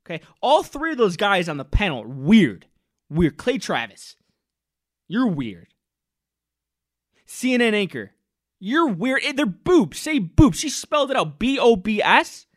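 A man hosting a podcast, ranting angrily with loud mocking sarcasm and jeering mimicry. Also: high voice, sing-song, unhurried, pauses often, no echo, studio quality. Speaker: podcast host. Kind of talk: angry ranting commentary.

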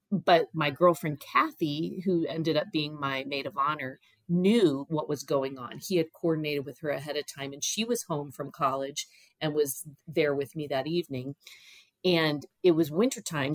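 Woman, middle-aged, casual storytelling, lowish voice, dry close recording, animated quoted voices. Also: no room sound. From Ohio. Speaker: guest telling her story.

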